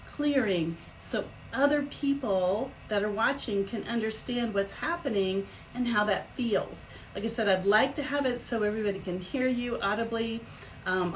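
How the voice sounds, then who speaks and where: A middle-aged woman hosting a live stream as an energy healer, talking in a chatty, animated way with big swoops in pitch. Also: slight background noise, poor audio. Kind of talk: casual live-stream talk.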